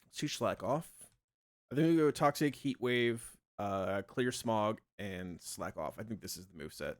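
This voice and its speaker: A man's voice: lowish voice, lively intonation, normal speed, no echo, clean studio sound. A man chatting casually on a live stream while he plays, thinking aloud and rambling with plenty of fillers.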